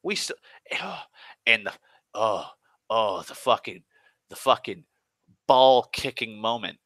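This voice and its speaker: A man's voice: fairly low pitch, lively intonation, slow, a bit bright, no echo. A man telling a work story as an exasperated, swearing rant, often restarting his sentences. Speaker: online storyteller. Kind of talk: profane rambling rant.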